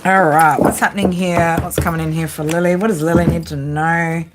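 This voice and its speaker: A woman's voice: on the low side, flat delivery, a little fast, heavy background noise. A young woman giving a casual, profane tarot reading, chatting to her viewers and to spirit as she goes. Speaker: tarot reader.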